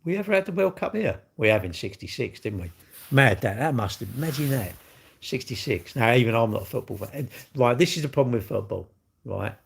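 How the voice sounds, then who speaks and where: A man's voice: mid-range voice, lively intonation, brisk, creaky, husky. An English man, middle-aged, hosting a casual live stream and bantering cheekily with his chat in a rambling, jokey way. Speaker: livestream host.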